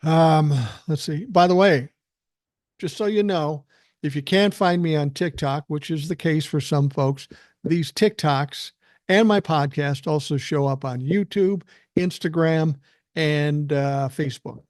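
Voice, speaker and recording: A man's voice: on the high side, a little slow, a little mellow, dry recording, studio quality. An older man from South Minneapolis, hosting a podcast and ranting heatedly, mocking and swearing as he reads viewer comments. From South Minneapolis, USA. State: out of breath. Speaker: podcast host. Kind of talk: ranting live stream commentary.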